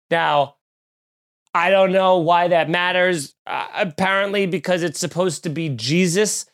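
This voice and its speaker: A man's voice: high-pitched, a bit bright. A young man co-hosting a casual comedic chat, riffing sarcastically and animatedly with profanity and mock voices. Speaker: podcast co-host.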